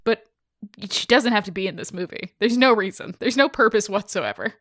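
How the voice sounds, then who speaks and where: A woman's voice: medium pitch, fairly quick, a bit bright, no room sound, clean studio sound. A woman hosting a podcast, talking in a blunt, sarcastic, irreverent way. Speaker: podcast host. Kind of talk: casual podcast chat.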